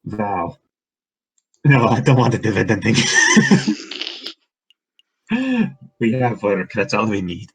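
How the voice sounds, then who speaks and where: A man's voice: lowish voice, big pitch swings, takes it slowly, pauses often, a little hiss or hum, rough recording. A man chatting and joking casually while playing through a game with a friend. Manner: joking, laughing between lines. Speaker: let's play co-player. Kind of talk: casual chat over a game.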